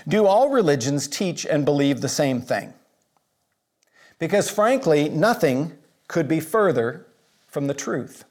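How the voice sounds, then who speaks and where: A man preaching a sermon in an earnest, measured way, pausing for emphasis. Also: a little high, big pitch swings, darkish tone. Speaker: pastor.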